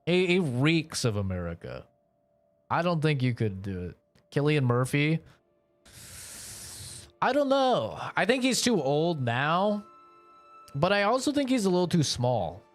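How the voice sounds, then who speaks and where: Lively, profane young streamer guy. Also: fairly high pitch, a little slow, pauses often, soft background music. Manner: profane, rambling, joking. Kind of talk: casual chat.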